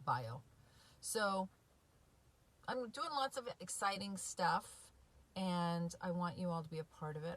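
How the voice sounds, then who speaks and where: Woman, recovery coach, casual direct-to-viewer talk, heartfelt, lowish voice, filler-heavy. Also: creaky. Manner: chatty and heartfelt, many fillers, asks "right?". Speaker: recovery coach and podcast host.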